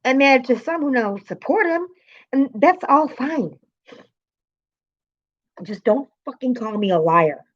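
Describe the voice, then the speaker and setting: A woman's voice: high voice, expressive, a little slow, pauses often, highs cut off. A woman live streamer, upset and swearing as she vents to her chat and greets viewers by name.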